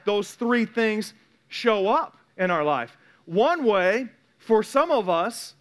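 A man preaching a sermon as a pastor, animated, often repeating words and acting out quoted voices. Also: high voice.

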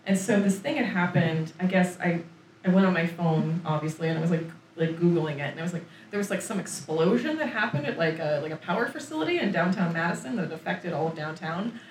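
A woman's voice: on the low side, lively intonation, brisk. A woman from Florida tells a story in casual chat, laughing often and acting out her own lines. She sits a little back from the mic. The room sounds echoey, with a faint hiss underneath. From Florida, USA. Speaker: author on book tour, guest. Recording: roomy echo, distant mic, faint noise.

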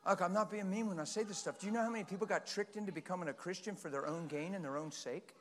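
A man preaching a sermon in a passionate, animated way, with sudden loud bursts. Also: sits high, fast, in a large hall.

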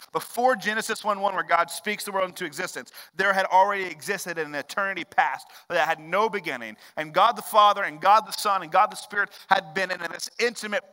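A man preaching a sermon as pastor, swinging between loud, emphatic stretches and hushed, quiet ones. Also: high voice. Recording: long hall reverb.

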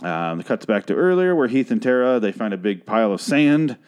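A man hosting a casual solo review podcast, talking in a profane, rambling, jokey way and sometimes breaking into animated voices. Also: mid-range voice, a little fast, smooth. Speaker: podcast host reviewing a TV series.

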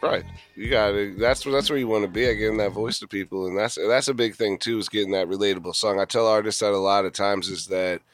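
A man's voice: fairly low pitch, steady tone, fast talker, no room sound, faint music behind. A man hosting a show, chatting casually, swearing freely and saying "like" a lot. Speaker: show host. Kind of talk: casual interview chat.

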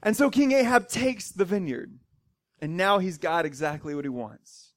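A man's voice: high voice, very animated, moderate pace, no room sound. A man preaching a sermon in a conversational way, retelling a Bible story with wry asides. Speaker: pastor.

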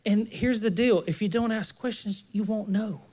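A man's voice: high voice, moderate pace, a little mellow. A man preaching a sermon in a church, talking conversationally and joking with the congregation. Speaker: pastor.

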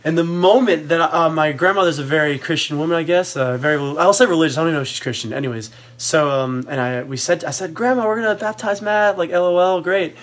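A young man telling stories in a casual podcast chat, animated and rambling, with lots of fillers. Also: on the high side, quick pace, hardly any pauses. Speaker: podcast co-host.

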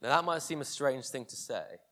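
A man preaching a sermon, telling a scripture story vividly and dropping to a hush for tender moments. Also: medium pitch, animated, moderate pace.

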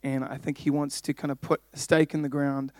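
A man's voice: mid-range voice, flat delivery, fairly quick, no echo, studio quality. A young adult man preaching a sermon, playful and jokey, talking directly to his congregation.

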